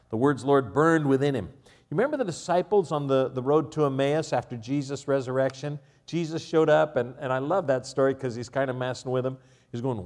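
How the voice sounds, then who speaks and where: A man preaching a sermon, swinging from quiet asides to raised, emphatic passages and chuckling at his own jokes. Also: mid-range voice. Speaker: pastor.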